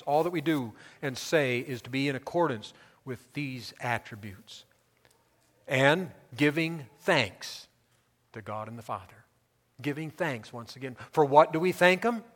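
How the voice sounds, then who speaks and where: A man preaching a sermon as pastor, emphatic, building his repeated lists up to loud peaks. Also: medium pitch, measured pace, in a large hall.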